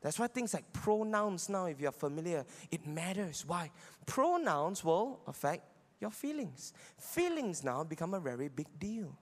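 With a high, sing-song voice, a man speaks unhurriedly while teaching a sermon as a Bible teacher. He argues his case, often asks "right?" to check in with listeners, and the recording carries long hall reverb.

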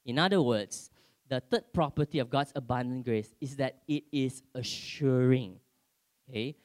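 A man's voice: mid-range voice, a little slow, darkish tone. A man in his thirties preaching a sermon to a congregation, conversational and checking in with "okay?" after many lines. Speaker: pastor.

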